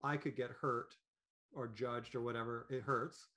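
A man talking as a podcast guest in an animated, rambling way, with many fillers and restarts. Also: medium pitch, measured pace. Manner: animated, acts out quoted thoughts in voices. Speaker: podcast guest, business owner. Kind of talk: conversational interview.

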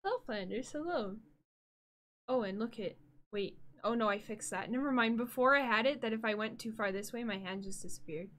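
A woman streamer with a fairly high voice chats on a live stream from her room at home. She is bubbly and easily distracted, and she drifts from topic to topic with sudden excited squeals. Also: a little fast. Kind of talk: casual live-stream chat. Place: home room with green screen.

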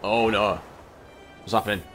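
A young man talks over a game in a low voice, chatty and quick to exclaim at what happens on screen. Faint game music plays underneath him. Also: fairly even intonation, fairly bright tone. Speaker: gameplay commentator. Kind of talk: casual let's-play commentary.

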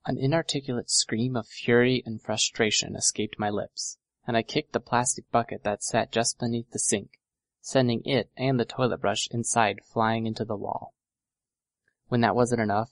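A man narrating a first-person audiobook in a steady, measured reading. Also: mid-range voice, no echo.

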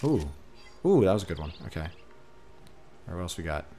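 Gaming streamer, male, lowish voice, chatty and excitable, faint game music under him. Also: fairly quick. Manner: excitable, talks to the creatures on screen. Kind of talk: casual let's-play commentary.

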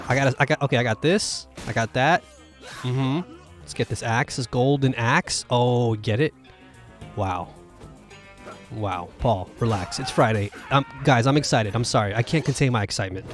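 An excitable man commentating live on a video game. He rambles and exclaims constantly in a mid-range voice, with faint game music running underneath. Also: mid-range voice, moderate pace. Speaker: gaming video host. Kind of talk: live gameplay commentary stream.

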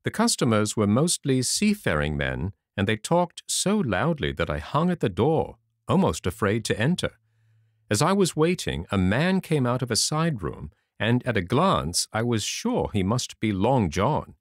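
A man narrating a classic adventure novel aloud in an expressive, lively storytelling manner. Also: mid-range voice, a little slow, dry recording, clean studio sound. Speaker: audiobook narrator. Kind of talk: storybook reading.

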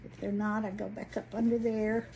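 A woman's voice: mid-range voice, flat delivery, normal speed, creaky, dark tone, slight background noise. A woman in her late sixties with a Southern Alabama accent, hosting a casual craft livestream and chatting folksily while she works. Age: 60s. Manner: folksy, chatty, greets viewers by name.

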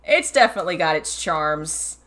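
A woman streaming a horror game, giving casual, rambling commentary and thinking out loud as she plays. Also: low-pitched, expressive, normal speed. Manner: chatty, rambling, thinks aloud. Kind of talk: live gameplay commentary.

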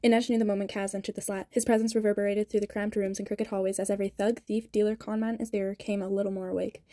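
Woman, novel reading, mellow tone, dry close sound, sped-up audio. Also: medium pitch, fast, dry recording. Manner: even, steady reading with small slips and restarts. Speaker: audiobook reader. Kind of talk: novel read aloud.

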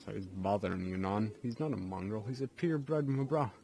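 A man's voice: fairly low pitch, a little fast, vocal fry, mellow. A man giving goofy, rambling commentary while playing a video game. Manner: goofy, rambling, lots of ums. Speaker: let's play host. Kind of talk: casual gameplay commentary.

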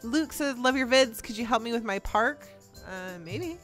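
A woman's voice: on the high side, lively intonation, normal speed, a bit bright. A young woman chatting casually as a gaming YouTuber, reading out fan messages in a bubbly, giggly way. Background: faint game music.

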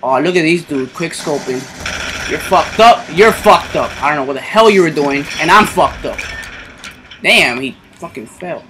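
A man giving casual commentary over his own online shooter match, excitable and swearing constantly, yelping when something sudden happens. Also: on the high side, normal speed, noisy background. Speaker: gamer doing live commentary.

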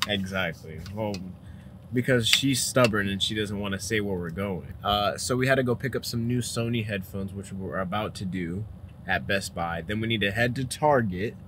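A man's voice: lowish voice, moderate pace, noisy background. A young man talking in a casual, joking, slangy way as a travel vlogger.

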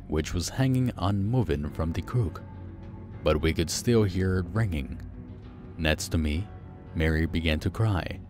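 A man narrating a first-person horror story, slow, hushed and suspenseful. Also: sits low.

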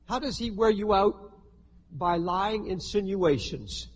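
A man's voice: high voice, lively intonation, a little slow, big-room sound, a little hiss or hum. A pastor preaching an emphatic sermon from the pulpit, firing rhetorical questions at his congregation. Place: church sanctuary with a congregation.

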